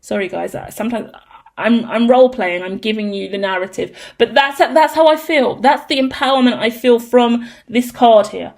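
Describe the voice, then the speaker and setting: A woman giving a casual tarot reading, talking emphatically with frequent swearing and ranting asides. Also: a little high. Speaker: tarot reader.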